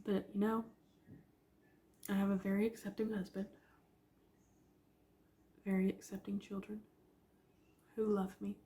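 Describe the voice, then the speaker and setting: A woman in her forties, an author, telling a personal story in a vlog, teary-eyed and soft-spoken, halting and often sinking to a whisper. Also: mid-range voice, little pitch movement. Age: 40s.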